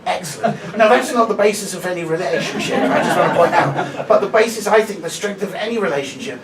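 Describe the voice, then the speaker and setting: A man's voice: high-pitched, fast talker, over a noisy crowd. A male comedian doing live stand-up, chatty and sweary, bantering with the audience. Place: small live comedy venue. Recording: echoey room, distant mic, loud ambient noise.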